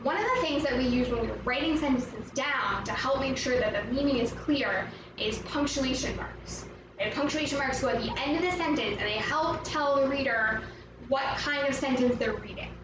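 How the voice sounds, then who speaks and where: A woman's voice: high-pitched, moderate pace, dull audio, background noise. A woman teaching a children's movement lesson, upbeat and encouraging, explaining each step. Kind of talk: guided movement lesson for kids. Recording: echoey room, mic at a distance, music playing.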